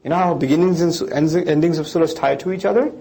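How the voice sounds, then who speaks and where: A man lecturing on scripture. He explains it line by line and mimics critics in quick asides. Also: fairly high pitch, mellow, soft background music.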